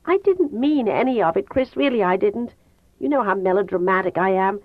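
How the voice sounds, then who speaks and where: A woman's voice: mid-range voice, expressive, fairly quick, dry recording, lightly acted. A woman reading an audiobook voices a bitter, anxious teenage girl in a slightly raised, tense voice. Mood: pleading. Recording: tinny phone-like dry sound.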